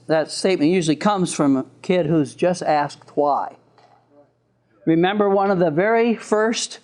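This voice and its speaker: A man's voice: high-pitched, a little mellow. A man giving a lecture on parenting, joking and laughing as he acts out what parents and children say. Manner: jokey, laughs at own lines, acts out parent and child voices. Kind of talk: recorded lecture.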